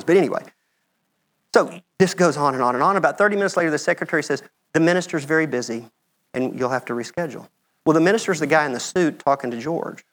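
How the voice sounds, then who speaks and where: A man's voice: on the high side, fairly bright tone. A middle-aged American man giving a conversational talk with slides in a lecture room, often checking in with "okay?". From United States. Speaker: medical mission speaker.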